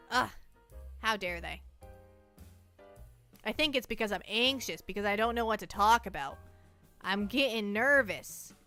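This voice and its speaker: This woman live streamer has a high, clear, resonant voice with a sharp tone. Jittery from too much caffeine, she chats casually to her audience in a playful, rambling, self-mocking way, at home on a close mic.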